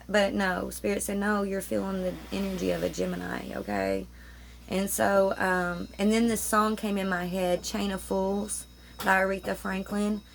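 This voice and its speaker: Lady tarot reader, super gravelly voice, rambles on, chatty, faint room hiss behind her. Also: medium pitch. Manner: rambling, chatty, self-interrupting. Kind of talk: casual spiritual chat to camera. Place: home room with roommates nearby.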